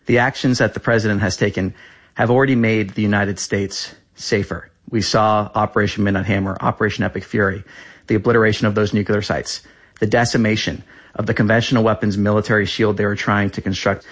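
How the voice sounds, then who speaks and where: A man in his thirties answers as a government spokesperson, returning again and again to the same talking points. He talks quickly and insistently in a fairly low voice. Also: fairly even intonation. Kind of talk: press interview answers.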